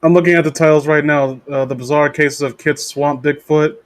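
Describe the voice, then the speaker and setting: A man hosting a casual podcast, reading aloud haltingly and joking around. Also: a little high, fairly even intonation, no echo. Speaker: podcast host.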